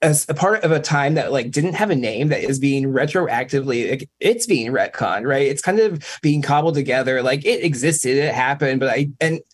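A man's voice: mid-range voice, expressive, moderate pace, hardly any pauses, breathy edge. A man in his forties, a guest DJ on a podcast, talking in a rambling, hedging way with wry jokes. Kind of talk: casual podcast chat.

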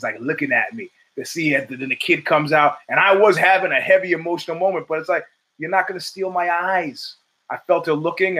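An older man hosting his own show, talking in a rambling, profane, animated monologue full of stories. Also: a little high. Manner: profane, rambling, animated storytelling with acted quotes. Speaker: podcast host. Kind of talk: casual monologue.

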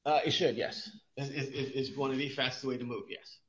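His medium-pitched voice is steady, a bit bright and a little fast. As co-host of a podcast and an exercise expert, he discusses exercise informally, restarting often and asking himself rhetorical questions, in a roomy, dull, lo-fi recording.

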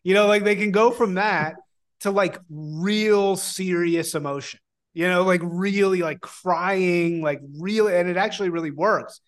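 A man's voice: high-pitched, measured pace. A man guesting on a podcast as a film analyst, talking animatedly, filling his speech with "like" and casual swearing. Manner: animated, swears often, lots of "like". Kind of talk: casual conversational podcast chat.

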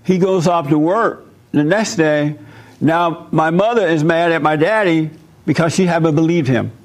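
An older man preaching to a room, with a voice pitched a touch higher than most men's. He tells his story in an animated way and jumps into the voices of the people in it. His delivery is lively and conversational. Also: normal speed. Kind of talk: sermon with role-play demonstration.

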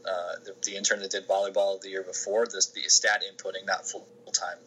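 A man's voice: sits low, little pitch movement, fairly quick, sharp tone, a little hiss or hum, poor audio. A man, a sports information director, answering interview questions in a casual, rambling way with many restarts and fillers.

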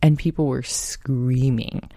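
A woman's voice: extremely low pitch, fairly even intonation, takes it slowly, warm tone, no room sound, clean studio sound. A woman in her thirties hosting a podcast, telling a personal story in a chatty, laughing, casual way. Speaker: podcast host.

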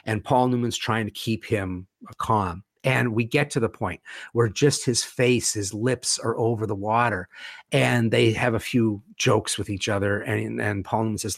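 A man's voice: fairly low pitch, steady tone, moderate pace, creaky, dry recording, studio quality. A man talking as a guest in a conversation, retelling film scenes with vivid storytelling and acted-out quotes. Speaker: guest, horror author.

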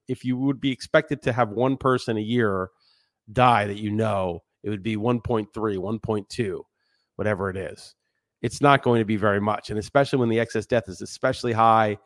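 A man's voice: fairly low pitch, no echo, clean studio sound. A man hosting a solo podcast, talking in a heated, profane, ranting way. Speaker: podcast host.

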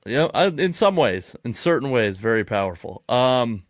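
A man's voice: mid-range voice, big pitch swings, normal speed, dry recording, studio quality. A man hosting a podcast in a jokey, self-deprecating way. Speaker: podcast host. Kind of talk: casual podcast chat.

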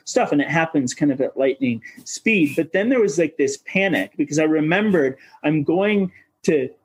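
A man's voice: on the high side, lively intonation, moderate pace, breathy edge, rough recording. A man from Minnesota, a coach of coaches, talking as a podcast guest in a searching, philosophical way and swearing casually. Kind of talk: reflective podcast conversation.

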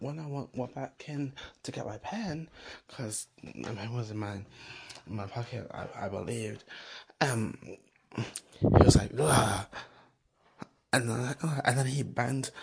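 A woman vlogger telling a rambling story in a blunt, sassy way, swinging between loud outbursts and hushed asides. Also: a bass voice, steady tone, unhurried, gravelly, slight background noise.

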